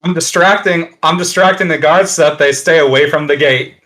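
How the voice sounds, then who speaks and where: A man's voice: fairly high pitch, fairly quick. A man playing in a tabletop game, eager and stumbling over restarts as he describes his moves. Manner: eager player with repeated restarts, dropping into a soft hushing character voice. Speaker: player.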